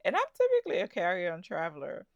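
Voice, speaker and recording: A woman's voice: fairly low pitch, huge pitch swings, fast talker, creaky, no room sound, lo-fi sound. A woman telling her travel story in a chatty vlog, with asides to the viewer. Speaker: travel vlogger. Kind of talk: casual travel vlog narration.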